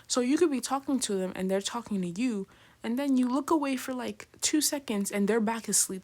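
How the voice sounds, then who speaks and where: A woman teaching a casual lecture, chatty and full of fillers, often checking in with "right?". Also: a little high. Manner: chatty, filler-heavy, keeps asking "right?"; acts out patients in slangy voices. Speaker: nursing lecturer.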